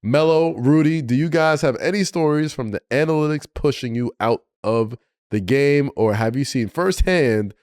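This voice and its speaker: A man's voice: mid-range voice, normal speed, darkish tone, no echo. An upbeat man reads out questions for a podcast panel. His voice sits in a middle range and the recording is dry and close. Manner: upbeat, reads prompts aloud. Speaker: podcast co-host. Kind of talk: casual chat, reading questions.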